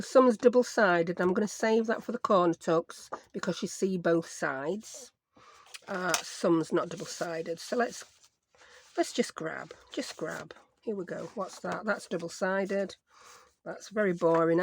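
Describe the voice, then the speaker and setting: A woman's voice: lowish voice, a little slow, a little hiss or hum. A woman, chatting casually through a craft tutorial, talking to herself as she works and joking at her own expense. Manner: chatty, self-mocking, talks to herself while working. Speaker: crafting YouTuber.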